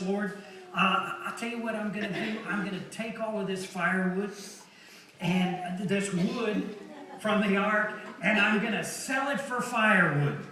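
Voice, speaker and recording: A man plays a frazzled, ancient Noah, high-pitched and slow, stammering and pleading in an exasperated whine. The voice sounds distant in a large, echoing hall with heavy noise behind it. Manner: stammering, whiny pleading with repeated stutters. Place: large hall at a talent show. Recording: echoey hall from far off, noisy.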